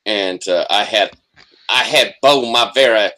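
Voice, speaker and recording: A man's voice: fairly low pitch, unhurried, sharp tone. A man with a heavy Southern US accent chatting casually on a podcast, stumbling and restarting his sentences as he goes. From Southern United States. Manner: stammering, restarts often. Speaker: podcast co-host. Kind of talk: casual chat.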